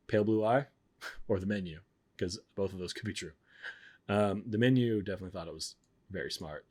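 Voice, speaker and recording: A man with a lowish, darkish voice chats casually on stream while reviewing movies. He tends to ramble, speaks bluntly, and keeps cutting himself off before finishing.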